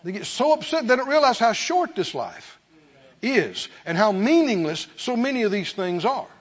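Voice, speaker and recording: A man preaching a fervent sermon to his church, swinging from quiet asides to shouted praise. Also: extremely high pitch, sing-song, moderate pace, dull audio. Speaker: pastor.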